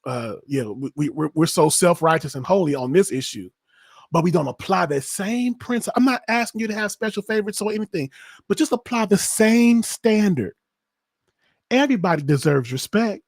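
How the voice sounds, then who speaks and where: A man's voice: sits high, lively intonation, moderate pace, no echo, studio quality. A man hosting a podcast, talking in an impassioned, emphatic way in casual discussion. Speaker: podcast host.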